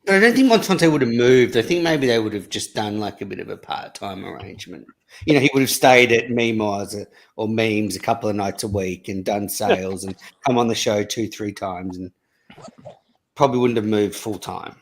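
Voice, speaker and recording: A man's voice: fairly low pitch, moderate pace. A man in a casual group chat, mockingly roasting the others with crude jokes.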